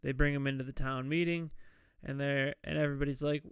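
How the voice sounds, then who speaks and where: A man's voice: medium pitch, steady tone, fast talker, clean tone, no room sound, clean studio sound. A man hosting a podcast, casually recapping a film scene by scene and mimicking the characters' voices as he goes. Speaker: podcast host. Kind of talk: casual movie recap with acted-out quotes.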